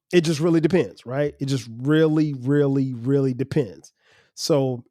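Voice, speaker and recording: Brief: male podcast host, mellow voice a touch high, loose rambling delivery, dry close studio mic. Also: no echo. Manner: loose, rambling, restarts words often. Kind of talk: casual solo podcast talk.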